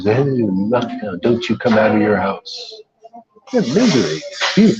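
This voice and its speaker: A man's voice: mid-range voice, muffled recording. A man giving an informal devotional talk as a spiritual teacher, emphatic and colloquial, often calling listeners "man.".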